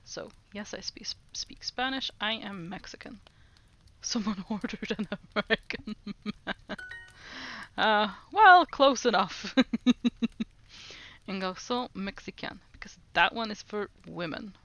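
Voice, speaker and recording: Woman streamer, casual chat, slow unhurried delivery, giggly, repeats phrases aloud. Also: medium pitch, animated, a bit bright. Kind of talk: casual livestream chat while doing language lessons.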